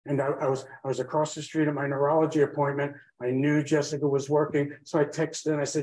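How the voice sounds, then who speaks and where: Mellow-voiced man rambling through a story. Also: fairly high pitch, little pitch movement, fast, hardly any pauses, poor audio. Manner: rambling, drifts off track, many fillers. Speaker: podcast guest telling his own story. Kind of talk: emotional personal storytelling.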